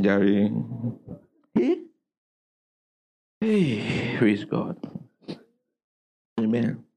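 A man's voice: a little high, low-quality recording. A man preaching a sermon as pastor, calling out questions for the congregation to answer and exclaiming praise.

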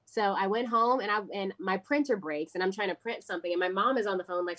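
Animated American actress telling stories. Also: female voice, mid-range voice, fast talker, hardly any pauses. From United States. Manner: animated, acts out quoted voices of people in her stories. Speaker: guest actress. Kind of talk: casual interview storytelling.

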